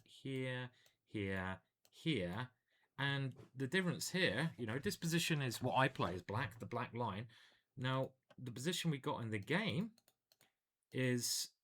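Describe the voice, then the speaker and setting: A man commentating his own online chess games live, thinking aloud in a playful, animated way. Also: medium pitch.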